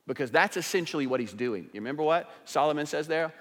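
A man preaching a sermon as pastor, emphatic, swinging between rising intensity and quiet asides. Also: mid-range voice, animated, fast talker, few pauses, in a large hall.

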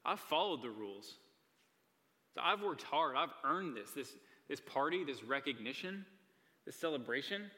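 A man's voice: mid-range voice, lively intonation, moderate pace, bright, forceful tone, big-room sound. A man in a sermon voicing a resentful, self-righteous older son who complains about his good behavior going unrewarded. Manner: indignant, complaining.

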